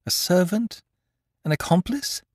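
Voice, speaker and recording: A man voicing an eager, excitable young amateur sleuth who presses with urgent questions in an audiobook. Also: high-pitched, unhurried, dry recording, studio quality, voice pushed up. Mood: agitated.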